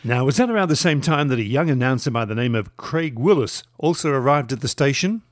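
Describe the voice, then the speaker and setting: A man conducting the interview, asking measured, prompting questions. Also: mid-range voice, expressive, no echo, studio quality.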